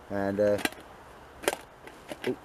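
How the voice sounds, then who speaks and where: A man's voice: fairly low pitch, completely flat delivery, very slow, heavy background noise. A man chatting casually to the camera while cooking outdoors, rambling and bantering with lots of tag questions. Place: outdoors in woodland.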